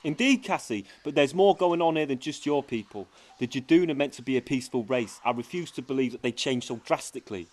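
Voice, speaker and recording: A man voicing a calm, clever, dryly witty time traveller in an audio drama. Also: medium pitch, fairly quick, hardly any pauses, natural voice. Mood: earnest. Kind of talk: fan audio drama acting.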